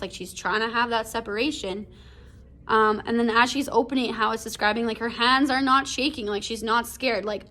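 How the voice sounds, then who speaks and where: A woman teacher talks through a story for her class in a loose, chatty way, full of "um" and "like." Her voice sits a little on the high side. She is recording a video lesson at home. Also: fairly even intonation, moderate pace, a bit bright. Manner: casual, chatty, many fillers like "um" and "like". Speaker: English teacher. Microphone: computer or phone video recording.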